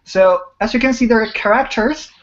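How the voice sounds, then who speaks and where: A woman's voice: fairly high pitch, a little fast, muffled recording. Patient woman teaching. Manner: patient, repeats words and praises students. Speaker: Chinese teacher. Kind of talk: online beginner language lesson.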